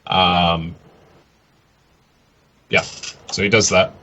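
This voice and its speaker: Low, bright-voiced dungeon master. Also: male voice, little pitch movement, very slow. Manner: loose and chatty, many likes and ums. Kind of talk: narrating a tabletop game.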